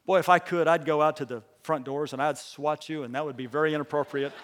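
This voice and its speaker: A pastor telling a story in his sermon. He swings between hushed lines and loud, emphatic ones and leads the congregation in call and response. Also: a little high, fairly even intonation, fast talker, long reverb tail, slight background noise.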